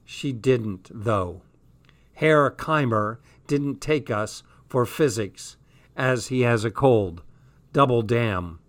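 A man's voice: mid-range voice, expressive, slow pace. A man reading a comic first-person diary aloud with dry, sardonic delivery. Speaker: audiobook reader.

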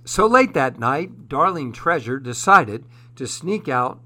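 A man narrating a children's story in a gentle, expressive way. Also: mid-range voice, slow pace.

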